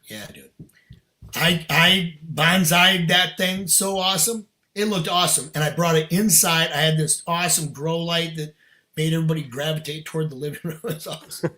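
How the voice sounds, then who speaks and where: A man's voice: on the high side, moderate pace, pushed and bright. Earnest middle-aged man telling a story. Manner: earnest, emphatic, slangy. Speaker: podcast guest. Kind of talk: casual storytelling chat.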